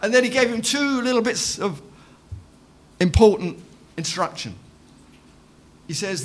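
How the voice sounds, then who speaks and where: A man's voice: sits high, animated, a little slow, long pauses. A man preaching a sermon in church, emphatic, repeating his phrases and calling for amens.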